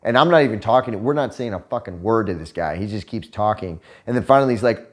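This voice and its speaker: A man vlogger telling stories in a casual chat, profane and animated, laughing as he tells them. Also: on the low side, quick pace.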